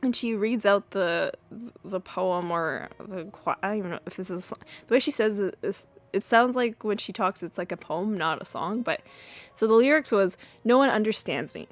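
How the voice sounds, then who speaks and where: A woman's voice: medium pitch, normal speed. A woman hosting a podcast, casually retelling a TV episode with lots of fillers and acted-out quotes. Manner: chatty retelling with many fillers, acting out quotes. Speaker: podcast host.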